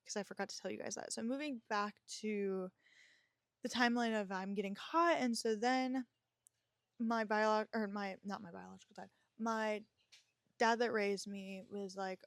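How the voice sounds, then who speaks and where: A woman's voice: mid-range voice, fairly even intonation, normal speed, no room sound, studio quality. A young woman hosting a podcast, telling a personal story in a frank, emotional way, swearing freely and using lots of fillers. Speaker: podcast host.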